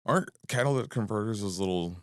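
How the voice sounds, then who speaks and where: A man's voice: fairly low pitch, expressive, fast, no room sound, studio quality. A man co-hosting a movie podcast in casual chat, reacting with short remarks and frequent laughter. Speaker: podcast co-host.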